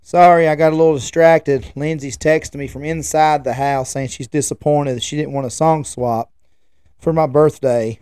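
A man's voice: fairly high pitch, steady tone, normal speed, darkish tone, clean tone, no room sound. A man, hosting a podcast and telling rambling, chatty stories. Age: 40s. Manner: rambling, chatty, restarts and trails off. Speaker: podcast host. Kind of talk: casual rambling storytelling.

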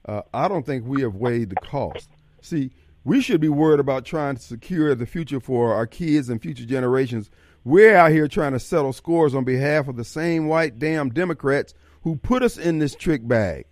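A man's voice: medium pitch, lively intonation, normal speed, darkish tone, dry recording, studio quality. A man hosting a call-in radio talk show, arguing with a caller, cutting in and laughing often. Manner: combative, interrupting, laughs often.

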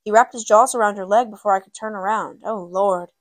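Woman reading as an anxious aunt, soft hushing manner, storybook, dry recording. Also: mid-range voice, steady tone, fairly quick, no echo, lightly acted. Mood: distressed. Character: soothing, guilt-ridden aunt.

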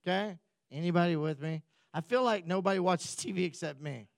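A man's voice: high-pitched, brisk, creaky, no room sound. A man preaching a sermon as the pastor, telling the story in a joking, conversational way.

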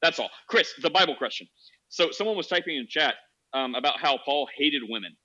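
A man's voice: on the high side, expressive, a little fast, pushed and bright, muffled recording. A man hosting a podcast, arguing his point in rambling casual talk with many restarts. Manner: rambling, restarts, quotes others in mocking voices. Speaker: podcast host. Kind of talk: casual debate chat.

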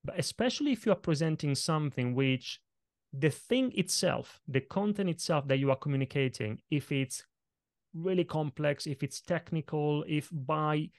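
A man who is not a native English speaker, a presentation coach guesting on a podcast, talking with lively, shifting emphasis. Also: on the high side, moderate pace, no echo, studio quality. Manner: energetic, varied emphasis, punches and stretches words. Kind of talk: podcast interview, explaining tips.

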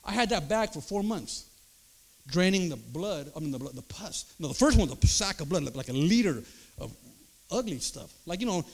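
High gravelly guy preaching his testimony, voice jumps all over, does everybody's voices. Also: moderate pace. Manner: animated storytelling, acts out voices. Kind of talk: sermon testimony.

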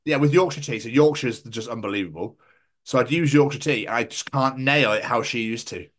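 A man's voice: mid-range voice, brisk, a bit bright. A young man from England co-hosting a podcast in casual, sweary, rambling chat, often laughing and slipping into mock voices. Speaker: podcast co-host.

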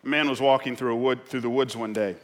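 A man's voice: mid-range voice, fairly even intonation, fast talker, in a large hall. A man preaching a sermon as a pastor in a church, impassioned and stumbling over restarts as he presses his points.

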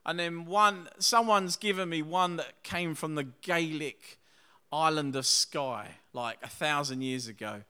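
A pastor with a high, bright voice delivers a relaxed, chatty sermon and then a communion prayer. His tone is smooth and clear throughout, and he keeps checking in with his listeners through quick tag questions. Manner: conversational preaching with frequent tag questions.

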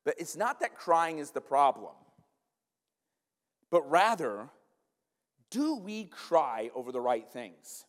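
A man preaching a sermon in a church, animated and emphatic, often turning to the congregation with asides. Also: fairly high pitch, slow, long pauses. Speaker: pastor. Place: church sanctuary. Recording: long church-hall reverb.

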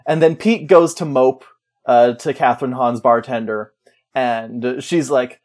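A man's voice: mid-range voice, moderate pace, a little mellow. A man in casual chat, animatedly retelling a movie's plot and acting out the characters' lines. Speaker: podcast co-host.

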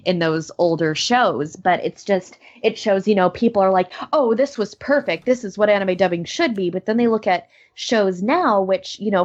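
A woman voice actor chatting casually, animated and full of fillers. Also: medium pitch. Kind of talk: casual podcast chat. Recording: dull lo-fi sound.

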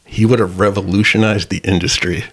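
A man's voice: low-pitched, fairly even intonation, brisk, fairly bright tone, slightly rough. A man co-hosting a podcast in casual chat about movies, rambling through joking anecdotes. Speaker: podcast co-host.

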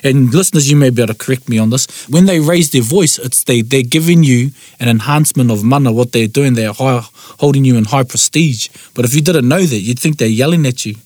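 A New Zealand man co-hosting a casual chat, reflective and thinking aloud with pauses. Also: mid-range voice, darkish tone, no room sound, studio quality. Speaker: te reo Māori podcast co-host. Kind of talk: casual conversational discussion.

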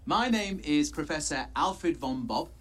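A man's voice: a little high, lively intonation. An actor playing a self-important male music teacher welcoming his class, in a movie clip. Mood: pompous. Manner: slow, self-important, theatrical delivery. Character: pompous male music teacher introducing himself.

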